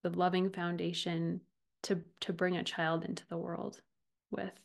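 A woman in her thirties hosting a podcast, talking earnestly and from the heart about relationships, often with a soft laugh. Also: fairly low pitch, little pitch movement, unhurried, gravelly. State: getting emotional. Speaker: podcast host and relationship coach. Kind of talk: personal podcast monologue.

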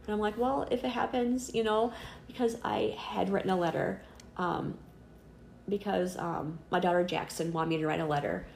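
A woman's voice: fairly low pitch, fairly even intonation, normal speed, creaky, darkish tone, echoey room, a little hiss or hum. Chatty, earnest middle-aged woman. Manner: chatty, earnest, full of fillers; acts out quoted voices. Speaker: interviewee. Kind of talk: personal faith story in casual conversation.

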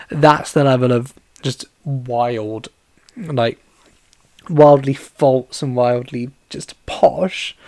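Gravelly, rambling solo podcast host. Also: medium pitch, dry recording. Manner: rambling, heavy use of "like" fillers and restarts. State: tired and yawning. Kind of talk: casual solo podcast chat about a film.

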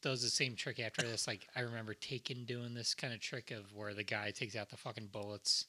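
Man, podcast co-host, very bright tone, casual film chat, loose and profane. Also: on the low side, flat delivery, fairly quick. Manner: rambling, swears freely, quotes film lines.

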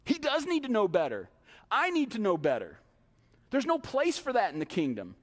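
A man preaching a sermon as pastor, animated, dropping into quick mimicked asides. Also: high voice. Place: church sanctuary. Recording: long hall reverb.

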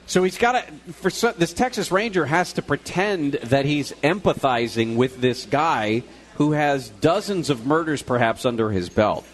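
A man's voice: a little high, lively intonation, normal speed. A male radio co-host talking live from a restaurant, retelling a news story in a loose, conversational way with fillers and restarts.

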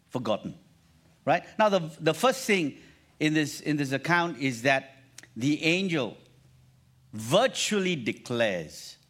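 Animated male preacher, lively pitch. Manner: animated, repeats phrases, calls for congregation response. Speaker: pastor. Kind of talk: sermon.

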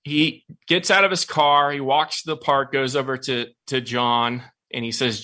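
Male motivational talk host, bright tone, emphatic storyteller. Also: mid-range voice, steady tone, normal speed, few pauses. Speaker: podcast host.

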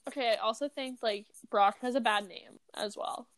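A young woman co-hosts a podcast, teasing and giggling through filler-heavy chat. Her voice is slightly high. The mic is close and dry. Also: normal speed, no room sound. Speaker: podcast co-host. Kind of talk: casual chat.

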